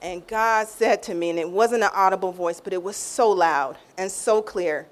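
At a moderate pace, a middle-aged woman tells an emotional story of faith as a guest. Her delivery is casual and expressive: she restarts and repeats phrases and performs what others said with wide pitch swings.

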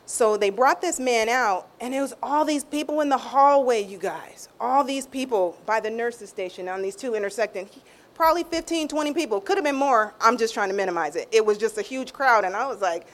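A middle-aged woman talks fairly quickly while sharing an emotional faith testimony as a guest. She's casual and expressive, frequently restarting and repeating phrases, and she acts out what others said with big pitch swings.

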